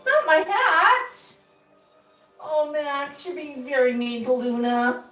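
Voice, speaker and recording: A woman's voice: sits high, slow, a bit bright, voice pushed up. A woman playing a playful costumed witch, teasing and cooing at a pet parrot while in character. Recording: roomy, distant mic, faint music.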